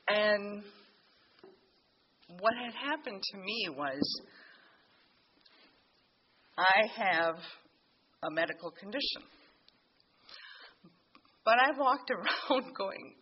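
A woman's voice: mid-range voice, expressive, a little slow, pauses often. A woman giving a heartfelt, emotional personal testimony to a bible study group, at times reading scripture aloud. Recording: dull lo-fi with faint hiss and clicks.

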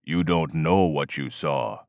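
A man's voice: extremely low pitch, slow, a little mellow, no room sound, studio quality, heavily acted. A man voicing a stern, hostile armed man in his forties who speaks in curt, threatening lines. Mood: grim. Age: 40s.

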